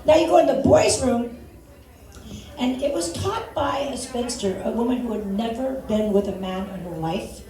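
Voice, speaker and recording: An older woman works a comedy stage with a fairly high voice. She tells stories and acts out voices and sound effects. The echoey recording catches her from a distance, like a mic some way off in the room. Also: lively intonation, moderate pace, crowd noise. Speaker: stand-up comic. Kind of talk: stand-up comedy set.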